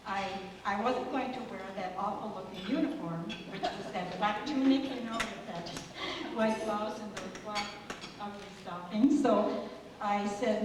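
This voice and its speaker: Soft-spoken older woman in an echoey hall. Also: mid-range voice, fairly even intonation, measured pace. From United States. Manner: soft-spoken, chatty, with restarts. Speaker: guest giving a speech. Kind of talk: anniversary party speech, storytelling. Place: large banquet hall. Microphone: far room microphone. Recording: echoey hall from far off, noisy.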